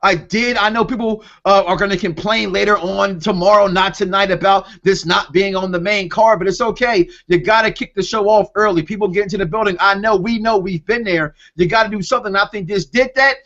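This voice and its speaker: A man co-hosting a wrestling podcast, talking in an excited, animated way and often repeating himself. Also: sits high, a little fast, hardly any pauses. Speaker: podcast co-host. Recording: dull lo-fi call audio.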